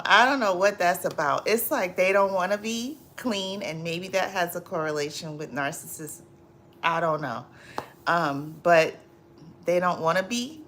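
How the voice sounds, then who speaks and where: A woman hosting a casual livestream, laughing often and chatting with viewers in drawn-out, repetitive phrasing full of fillers. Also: medium pitch, fairly bright tone. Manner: laughs often, reads and answers viewer comments. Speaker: livestream host.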